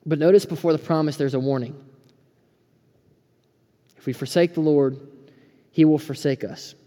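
A man in his thirties preaching a sermon as pastor, earnest and urgent, dropping to a hush and then rising fired-up. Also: mid-range voice. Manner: earnest, swings between hushed and fired-up. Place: church sanctuary. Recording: preaching in a hall with long reverb.

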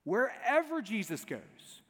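A man delivers a sermon with a high, expressive voice that swings up and down. He preaches with an emphatic, repeating rhythm, and a long hall reverb trails behind each phrase. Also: takes it slowly, husky. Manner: emphatic, repetitive preaching cadence. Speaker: pastor.

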